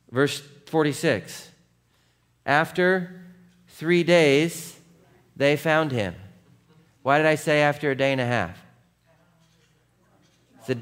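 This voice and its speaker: A male pastor preaching a sermon in a conversational way, often checking in with the congregation and acting out scripture scenes. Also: medium pitch. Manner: conversational, checks in with "right?" and "okay?"; acts out scripture scenes with voiced quotes.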